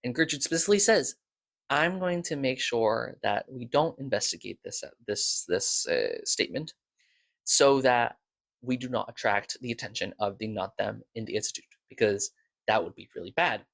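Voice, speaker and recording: Guy just chatting through some story recaps, mid-pitched voice, kinda rambly. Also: expressive, moderate pace, vocal fry, fairly bright tone. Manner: loose, rambling summary that acts out quoted lines. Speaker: video creator reviewing podcast episodes. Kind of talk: casual unscripted retelling.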